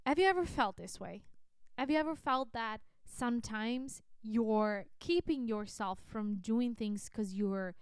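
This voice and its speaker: A woman's voice: fairly high pitch, a little slow, clean tone, no room sound. A woman in her thirties hosting her own podcast, talking frankly about herself, swearing casually and repeating words for emphasis. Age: 30s. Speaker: podcast host. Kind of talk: candid solo podcast talk. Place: at her desk with a computer.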